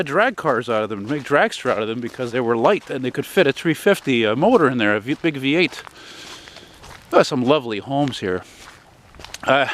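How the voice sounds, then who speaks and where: A man's voice: medium pitch, fairly bright tone, a little hiss or hum. A middle-aged man from Canada, narrating a casual walking vlog outdoors on a residential street, chatting and rambling with a nostalgic streak and the odd curse. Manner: rambling, chatty, wistful, sprinkled with swearing. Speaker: vlogger.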